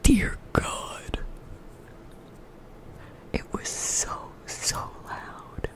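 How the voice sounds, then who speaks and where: A young woman whispering through an ASMR livestream, giggly and self-mocking as she talks straight to her chat. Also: drawn-out words. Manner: addresses chat directly. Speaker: ASMR streamer. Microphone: earbuds with a streaming mic.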